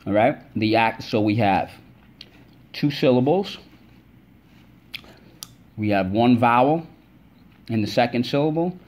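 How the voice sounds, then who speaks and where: A man's voice: mid-range voice, animated, darkish tone. A male teacher giving a spelling lesson to children, patient and stretching out the syllables of each word. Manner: slow, patient, drawn-out syllables.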